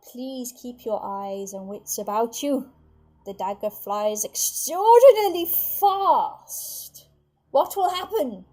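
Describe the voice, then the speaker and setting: A woman voicing a showy circus ringmaster who makes slow, grand announcements in a tabletop game. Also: sits high, a little mellow, voice pushed up, exaggerated voice.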